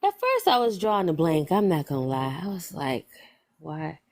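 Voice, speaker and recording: A woman's voice: fairly low pitch, wildly swooping pitch, brisk. A woman in casual conversation who thinks aloud, trails off and restarts, and chuckles often. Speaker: panelist in a live discussion. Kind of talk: casual reflective chat.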